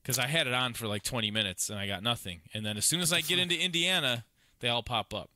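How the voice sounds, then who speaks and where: An Illinois man who co-hosts a podcast speaks fast in a mid-range voice with a sharp tone. He casually tells rambling rideshare stories, acting out what people said, in a dry, studio-quality recording.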